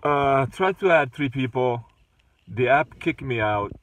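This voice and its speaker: A man's voice: medium pitch, animated, measured pace, fairly bright tone, far from the mic. A man who drives for a rideshare service, casually retelling an incident with lots of fillers and restarts. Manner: hesitant, many fillers and restarts.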